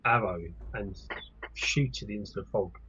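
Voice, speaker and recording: A man's voice: lowish voice, unhurried, a bit bright, slightly rough, lo-fi sound. A man playing in a tabletop game, asking questions about the rules. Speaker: player. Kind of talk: casual game chat.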